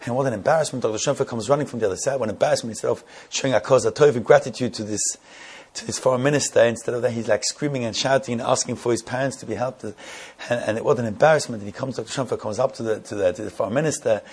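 A man telling a story in a sermon, halting and repeating words, building to emphatic questions. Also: mid-range voice, darkish tone, breathy edge.

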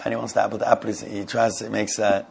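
A man leads an informal Torah class, moving in and out of storytelling with a slow, halting, conversational flow. His voice is gravelly and a little husky. He laughs here and there as the tale unfolds. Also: fairly low pitch, little pitch movement, darkish tone. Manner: halting, conversational, laughs while telling stories.

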